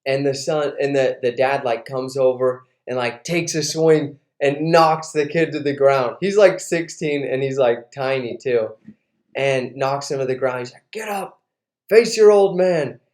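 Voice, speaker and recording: A man hosting an interview, casually telling an animated story with lots of fillers. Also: mid-range voice, unhurried. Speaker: host. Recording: roomy echo.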